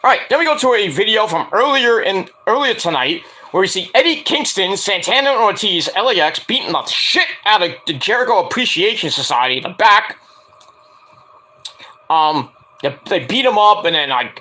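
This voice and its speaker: A man's voice: high voice, sharp tone. A man casually recapping a wrestling show, rambling with lots of "like" and "uh" fillers. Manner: rambling, heavy use of "like" and "uh" fillers; acts out quoted lines in a raised voice.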